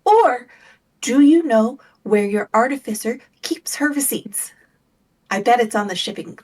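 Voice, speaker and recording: A woman playing a tabletop game, calm and practical, thinking out loud about her character's next move. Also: fairly high pitch, measured pace. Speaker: player. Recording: voice a bit far from the mic.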